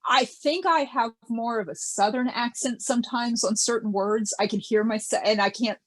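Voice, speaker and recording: A woman's voice: a little high, normal speed. A woman author from New England, chatting in a friendly way as a podcast guest and laughing easily. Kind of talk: casual interview chat.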